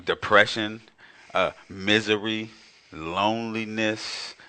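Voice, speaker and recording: A man's voice: on the low side, fairly even intonation, takes it slowly, pushed and bright, smooth. A man in his forties, a guest musician talking in a reflective, emphatic way and often restarting his words. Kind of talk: casual conversation.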